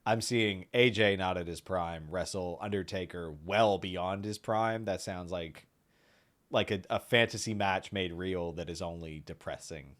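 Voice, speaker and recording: A man with a lower voice co-hosts a casual wrestling podcast. He talks hesitantly with wry remarks and often trails off mid-thought. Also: a little slow, fairly bright tone. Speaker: podcast co-host.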